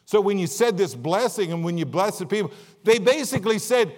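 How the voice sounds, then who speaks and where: A man preaching a sermon as pastor, folksy and jokey, with big swings between quiet asides and louder, higher bursts. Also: animated, fairly quick. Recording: long reverb of a large hall.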